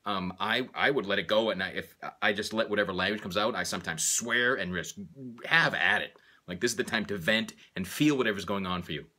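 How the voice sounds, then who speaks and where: Low-voiced man guiding a tapping session. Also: brisk. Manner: relaxed, speaks affirmations aloud while tapping. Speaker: tapping instructor. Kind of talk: guided tapping demonstration.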